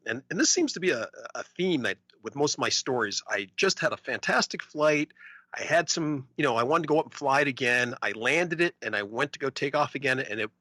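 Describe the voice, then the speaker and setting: A man co-hosting a podcast, telling a story in a casual, animated way and acting out the voices of other people. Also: medium pitch, dry recording. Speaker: podcast co-host.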